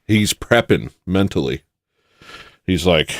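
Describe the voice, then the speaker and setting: Man, very deep voice, dry close sound, rambling satirical commentary, jokey outbursts. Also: animated, normal speed, long pauses, no echo. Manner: joking, rambling, loud sudden bursts. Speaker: commentary host.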